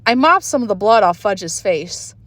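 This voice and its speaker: Expressive woman reading a children's book. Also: medium pitch, moderate pace, no room sound. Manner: expressive storytelling. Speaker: reader. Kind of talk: children's book read-aloud. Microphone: phone.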